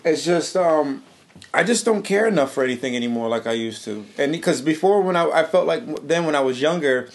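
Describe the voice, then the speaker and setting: A man's voice: on the high side, lively intonation, brisk. Male co-host, tired and sardonic, swears a lot, casual chat. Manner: jaded, sardonic, profane.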